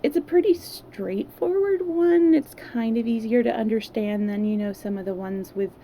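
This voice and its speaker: A woman's voice: a little high, normal speed, dark tone, a little hiss or hum. A woman from California with a Californian accent, chatting casually on a livestream and then reading a novel aloud. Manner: chatty, rambling, many fillers. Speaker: livestream storyteller. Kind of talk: casual chat and read-aloud.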